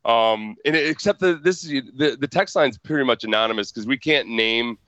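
A man's voice: medium pitch, normal speed, sharp tone, dry recording. Chuckling male guest on a muffled line. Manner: chuckling, self-deprecating, rambling. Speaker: guest, radio host. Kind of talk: casual podcast chat.

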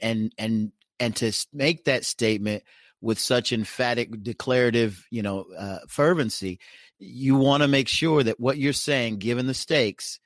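A man in a podcast discussion who speaks haltingly, stumbling over restarts as he agrees and adds a point. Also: medium pitch, no echo, studio quality.

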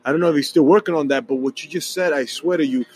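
A young man, a guest musician telling his story in animated, rapid casual chat, slipping in Spanish words. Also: fairly high pitch, a little hiss or hum, rough recording. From New York City.

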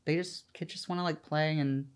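Chatty, animated man from the American South. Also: fairly high pitch, moderate pace, clear, resonant tone. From Southern United States. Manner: chatty, animated, full of "like" fillers. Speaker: guest, drag performer. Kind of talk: casual interview chat.

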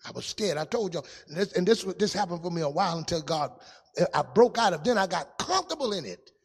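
A man preaching a testimony sermon in a sing-song style, dropping to a hush and rising to shouts. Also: high-pitched, animated, fast, slightly rough, in a large hall.

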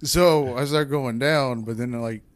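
A young man in casual podcast chat, telling a rambling, candid story and acting out the lines of each person in it. His voice sits at an ordinary middle pitch. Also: measured pace.

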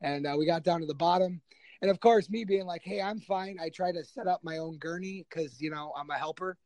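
A man's voice: on the high side, a little fast, darkish tone. A man, a military veteran, tells his story in a casual, self-deprecating way with lots of fillers. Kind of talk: conversational storytelling.

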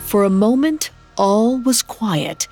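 A woman storyteller reading a folk tale in a measured, hushed way. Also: fairly high pitch, animated. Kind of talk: scripted narration. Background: faint music.

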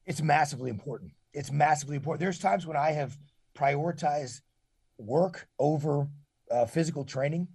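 A husky man in his forties talks earnestly as an interview guest, his voice sitting a little high. He often restarts and repeats words mid-thought. The sound is dry and close. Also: normal speed, darkish tone, dry recording. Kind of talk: casual interview talk.

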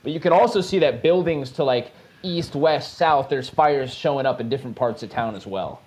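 A man's voice: mid-range voice, a little mellow. A man narrating as game master for a tabletop game, hesitant and full of "like" and "uh". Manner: hesitant, fills pauses with "like" and "uh".

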